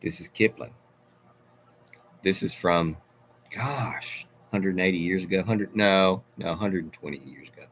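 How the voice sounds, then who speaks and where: A middle-aged man chats with his livestream viewers in a deep, low voice. He takes his time and drifts from one tangent to the next, often stopping and restarting his sentences. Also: a little slow, fairly bright tone, slight background noise. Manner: rambling, meandering, self-interrupting. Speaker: livestream host. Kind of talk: casual live chat reading viewer comments.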